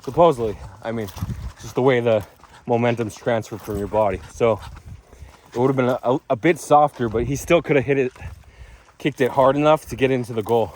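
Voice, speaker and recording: A man's voice: mid-range voice, fairly quick, a little mellow. A man vlogging outdoors in a casual, rambling way, full of restarts and asides. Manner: chatty, rambling with restarts and fillers.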